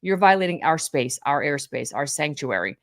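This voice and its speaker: A woman's voice: low-pitched, normal speed, no echo, clean studio sound. A woman from Florida, a guest on a podcast, telling stories animatedly and acting out quotes. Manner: animated storyteller, acts out quotes. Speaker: interview guest. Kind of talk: casual interview chat.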